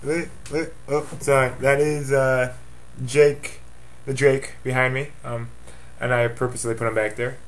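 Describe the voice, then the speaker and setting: A man's voice: mid-range voice, level tone, a little slow, hardly any pauses. A man giving a casual webcam update as commissioner of his fantasy football league, offhand and rambling with jokey asides.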